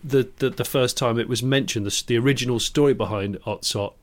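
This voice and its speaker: A man's voice: medium pitch, a little fast. A man co-hosting a podcast, telling stories in a wry, casual way with the odd swear word. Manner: wry, storytelling, mildly sweary. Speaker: podcast co-host. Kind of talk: casual chat.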